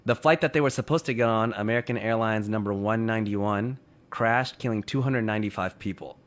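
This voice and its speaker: A man's voice: fairly low pitch, brisk. A man casually retelling a story to others in conversation, full of "you know" and "like".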